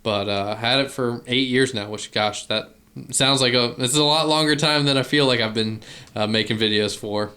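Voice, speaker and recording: A young man in his early twenties speaks with a light Virginian accent in a relaxed, easygoing way. He's a chatty storyteller, a guest on a talk show, with a voice of average pitch. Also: moderate pace. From Virginia, USA. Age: early 20s. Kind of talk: casual chat.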